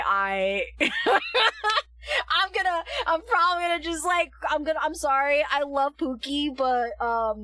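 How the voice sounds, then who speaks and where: A woman live-streaming a game in a high, lively voice that swings up into squeals of laughter. She talks in a slow, drawn-out way, apologizes to her chat and cheers at the screen, and her bright, dry voice sits a little back from the mic. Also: no echo, distant mic, poor audio. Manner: giggly, self-mocking, cheering loudly at the screen. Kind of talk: casual live-stream commentary. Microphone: headphones on, desk mic.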